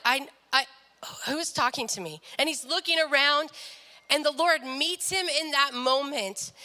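A woman's voice: high voice, bright, forceful tone, long reverb tail. A young woman sharing a personal faith story in an earnest devotional talk, often quoting people in their own voices. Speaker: speaker sharing a testimony.

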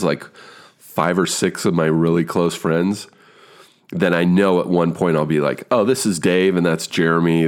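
Man, fifties, deep rich baritone, animated swoops in pitch, casual rambling podcast host, cusses, self-mocking. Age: 50s. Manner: rambling, swearing, self-deprecating. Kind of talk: casual monologue.

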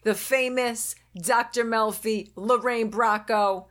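A woman's voice: a little high, steady tone, slow pace, a bit bright, no room sound, studio quality. A woman of fifty from Queens with a New York accent, hosting a chat show and swearing freely. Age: 50s. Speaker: podcast host. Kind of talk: casual chat.

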